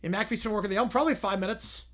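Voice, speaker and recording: A young man hosting a casual livestream, answering viewer questions with quick reactions and frequent "yeah"s. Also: high-pitched. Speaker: livestream host reading chat.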